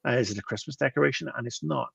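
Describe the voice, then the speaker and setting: A man's voice: medium pitch, racing, creaky, fairly bright tone, husky, dry recording, dull audio. A man co-hosting a podcast, talking in a casual, rambling way and often stopping to restart his sentences. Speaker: podcast co-host. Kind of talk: casual chat.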